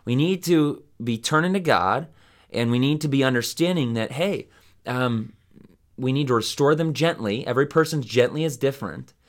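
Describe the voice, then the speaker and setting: A man's voice: mid-range voice, lively intonation, moderate pace. A man hosting a Bible study podcast, teaching in a casual, rambling way with many fillers and restarts.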